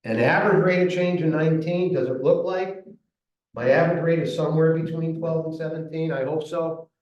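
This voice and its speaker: A man's voice: on the high side, fairly quick, a little mellow, far from the mic, muffled recording. A man teaching a math lesson at a whiteboard, counting aloud as he works and checking in with "right?" as he goes. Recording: echoey room, voice from afar.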